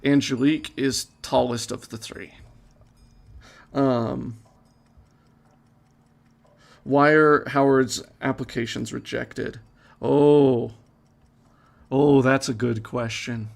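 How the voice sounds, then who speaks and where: Gravelly-voiced game director answering fans. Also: male voice, medium pitch, slow, long pauses. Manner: relaxed, hesitant with fillers. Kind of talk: live playthrough commentary with Q&A.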